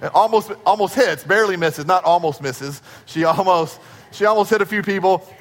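A man, a pastor, preaching a sermon and telling a story, acting out the dialogue with shifts in pace and loudness. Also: sits high, brisk. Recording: long hall reverb.

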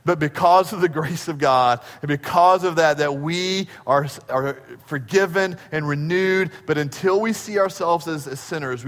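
A man's voice: on the high side, a bit bright. A man preaching a sermon in a church, building to moments of urgency. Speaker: pastor. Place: church sanctuary. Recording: long hall reverb.

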